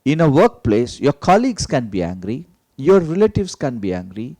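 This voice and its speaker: A man's voice: mid-range voice, sing-song, moderate pace, a little mellow, no echo. A man giving an emphatic motivational teaching talk, repeating key phrases and asking rhetorical questions. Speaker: motivational speaker.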